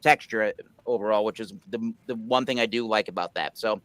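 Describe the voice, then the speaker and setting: A man's voice: on the low side, a little fast, fairly bright tone, no room sound. A man giving an easygoing, appreciative review in casual chat. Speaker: beer reviewer.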